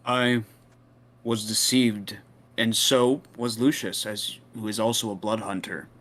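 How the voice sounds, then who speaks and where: A man with a low voice playing a tabletop game, speaking calmly and measured in character. His delivery is plain and even, with nothing put on. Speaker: player. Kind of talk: in-character tabletop role-play.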